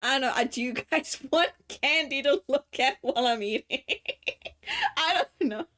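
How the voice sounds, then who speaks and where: A woman's voice: high voice, fairly quick, fairly bright tone. A woman streaming live from home, chatting casually to her chat while she eats. She laughs often, swears now and then, and talks close to a desk mic. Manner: talking while eating.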